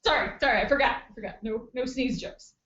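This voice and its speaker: A woman's voice: on the high side, fast talker, fairly bright tone. A woman co-hosting a comic livestream as a cheeky, joking sidekick. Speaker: comedy show co-host. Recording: roomy, dull livestream audio.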